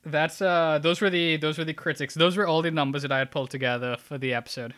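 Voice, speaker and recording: A man's voice: on the high side, fast. A man co-hosting a podcast who guides the talk and reads out review numbers. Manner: relaxed, moderating, reads out stats. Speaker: podcast co-host. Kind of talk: casual movie discussion.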